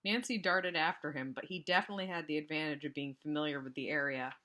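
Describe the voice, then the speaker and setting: A woman teacher reading a storybook aloud to students, expressive with casual asides. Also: sits low, quick pace.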